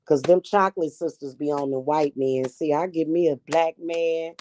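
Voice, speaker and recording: A woman's voice: deep voice, moderate pace, darkish tone, slight background noise. A woman talking casually to camera, brash and profane, about witchcraft and spirit work. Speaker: spiritual reader and vlogger.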